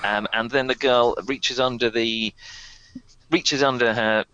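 A man, running a tabletop game as game master and narrating in a halting way full of ums and restarts. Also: medium pitch, fairly even intonation, bright, forceful tone, smooth, dry recording, lo-fi sound.

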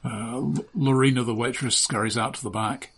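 A man narrating as game master of a tabletop game, in a relaxed, halting way with frequent restarts. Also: medium pitch, a little hiss or hum.

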